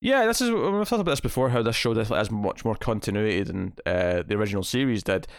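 A man co-hosting a podcast, recapping scenes in a rambling, animated way. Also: fairly low pitch, fast, clean tone, dry recording, clean studio sound. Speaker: podcast co-host. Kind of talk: casual chat.

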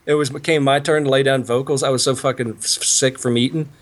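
A man's voice: mid-range voice, steady tone, fast. A man telling rambling, profanity-heavy studio stories in casual podcast chat, acting out the quotes. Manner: rambling storyteller, swears a lot, acts out quotes.

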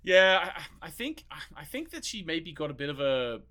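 A man's voice: on the high side, very animated, moderate pace, pushed and bright. A man co-hosting a podcast in casual, rambling chat, swearing freely. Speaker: podcast co-host.

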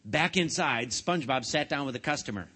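A man's voice: mid-range voice, a little fast, slightly rough. A man playfully reading a picture book aloud to children, joking in between. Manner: playful, jokey, animated. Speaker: storybook reader for children.

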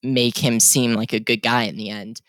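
A man's voice: mid-range voice, fairly even intonation, normal speed, a bit bright, dry recording. A man co-hosting a casual film discussion, chatty and opinionated, with frequent fillers and restarts. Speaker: podcast co-host.

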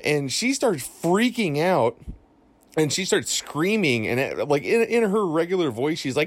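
A man's voice: on the high side, big pitch swings, unhurried, no room sound. Rambling man telling a ghost story. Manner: rambling, lots of fillers and restarts. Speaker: listener calling in a story. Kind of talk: casual spoken ghost story.

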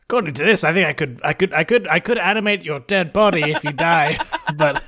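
A man's voice: a little high, brisk, sharp tone. A man voicing an unsure young male apprentice necromancer who stammers and repeats himself. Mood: flustered.

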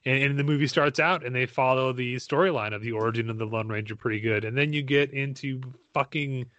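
Bright-voiced man ranting about movies. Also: medium pitch, fairly quick, no echo. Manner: exasperated ranting, profane. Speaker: podcast co-host. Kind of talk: casual movie-review chat.

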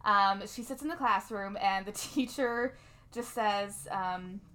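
A young woman casually recapping a movie with a friend, chatty and quick to laugh as she acts out lines. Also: mid-range voice, a bit bright. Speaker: podcast co-host.

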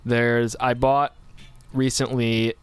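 Smooth-voiced rambling male podcast host. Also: mid-range voice, level tone, takes it slowly, no echo. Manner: rambling, self-correcting storyteller. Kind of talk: casual chat.

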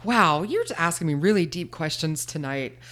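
Playful woman with a lively voice. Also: deep voice, moderate pace. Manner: playful, laughing, short replies. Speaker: podcast co-host. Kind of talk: casual chat.

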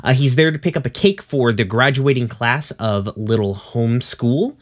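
A man's voice: mid-range voice, moderate pace. A man casually recapping a cartoon episode on a podcast, laughing and swearing as he goes. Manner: casual, profane, laughs while summarizing.

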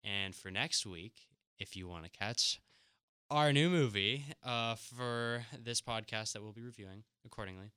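A man's voice: lowish voice, measured pace, bright, forceful tone, clear, resonant tone, no room sound, studio quality. A man from France co-hosting a movie podcast, chatting casually and joking around. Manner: joking, laughs a lot. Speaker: podcast co-host. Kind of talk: casual chat.

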